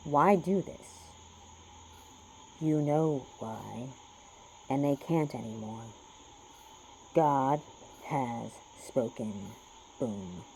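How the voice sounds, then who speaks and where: A man's voice: medium pitch, very slow, vocal fry, long pauses, warm tone, slight background noise, rough recording. A man rambling through a spiritual card reading, swearing often and lecturing his listeners. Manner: profane, preachy, talks to himself. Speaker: spiritual vlogger doing a reading.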